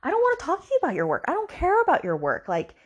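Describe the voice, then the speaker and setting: A woman's voice: a little high, animated, normal speed, darkish tone, dull audio, pitched above the performer's own voice. A woman voicing a hurt, defiant young mother who speaks in a dismissive, exasperated way, her voice jumping well above her own. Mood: bitter, dismissive.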